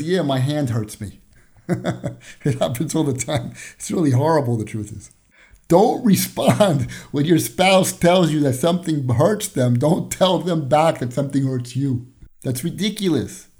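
A podcast host who teaches Torah speaks in a somewhat high, dark-toned male voice. His lesson is conversational, built on everyday examples and short acted-out dialogues, with a chuckle here and there.

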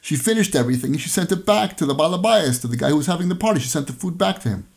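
A man tells Torah stories and parables in an earnest, plain way. His voice sits a little high. He sprinkles Hebrew and Yiddish terms through the telling. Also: lively intonation, rapid-fire, gravelly. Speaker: Torah teacher. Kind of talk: storytelling Torah talk.

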